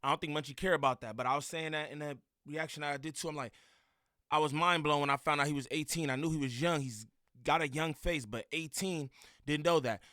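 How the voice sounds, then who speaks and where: A man's voice: a little high, fairly even intonation, brisk, pushed and bright, no room sound, studio quality. A man giving blunt, slangy reaction commentary on a clip, getting heated.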